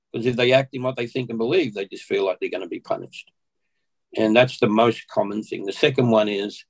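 A man's voice: fairly low pitch, slightly rough, rough recording. Australian man telling his story. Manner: animated storyteller who acts out what people said. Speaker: podcast guest. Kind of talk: personal storytelling in conversation.

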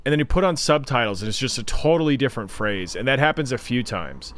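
Smooth-voiced man riffing on a movie. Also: medium pitch, lively intonation, fast talker. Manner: rambling, sarcastic, mimics characters in loud bursts. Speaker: podcast co-host. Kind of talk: casual movie review chat.

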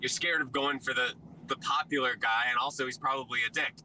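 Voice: medium pitch, steady tone, fast, sharp tone, far from the mic, a little hiss or hum, rough recording. A host in a casual chat who rambles, often stopping and restarting sentences.

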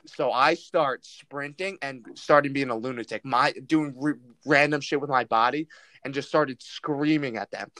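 A young man, co-hosting a casual podcast chat as an animated, slangy storyteller who leans on "dude" and "like". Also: medium pitch, moderate pace, dry recording. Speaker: podcast co-host.

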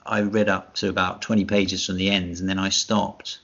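Man, low voice, gravelly, hesitant, dry humor, podcast co-host, dull lo-fi sound. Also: level tone, normal speed, fairly bright tone. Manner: hesitant, dry self-mocking, many fillers. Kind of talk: casual chat.

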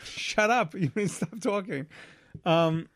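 The speaker co-hosts a casual family-life podcast and has young children; he tells stories bluntly, rambling through restarts, fillers and casual cursing. He talks slowly in a high voice, in a dry, studio-quality recording.

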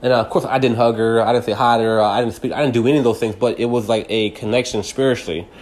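A man's voice: mid-range voice, steady tone, fast, a little mellow. A man in his thirties talking through a personal story in a rambling way, full of restarts and fillers. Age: 30s. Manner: grows heated and agitated when angry. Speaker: podcast host. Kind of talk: personal reflective monologue.

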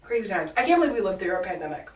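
A woman's voice: mid-range voice, very animated, rapid-fire. A woman in her thirties from Washington State, co-hosting a podcast in casual chat, giggly and full of "like.". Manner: chatty, giggly, lots of "like". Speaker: podcast co-host. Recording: echoey room, mic at a distance.

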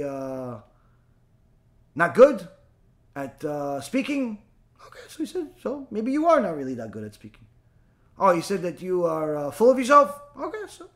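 A man giving a spoken religious lesson as a teacher, animated and full of rhetorical questions and mock back-and-forth dialogue. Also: high-pitched.

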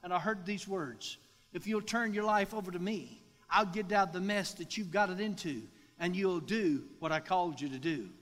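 Animated preacher in a reverberant hall. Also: male voice, sits high, moderate pace. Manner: animated storytelling, acts out voices in quotes. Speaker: pastor. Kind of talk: sermon testimony.

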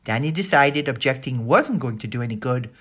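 A woman with a low, slightly husky voice reads a children's storybook aloud. Her pitch moves lively through the sentences, and she lifts her voice for the characters' lines. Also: brisk. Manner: expressive, voices the dialogue. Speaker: narrator. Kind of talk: storybook reading.

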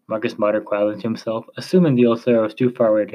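A man narrating a chapter of a story in a slow, measured reading voice. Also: lowish voice, level tone, dull audio.

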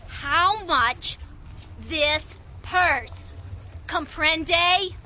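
An actress playing a brash, pushy older woman tourist who talks loud and bossy, in a radio drama. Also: very high-pitched, extremely slow, background noise, full character voice.

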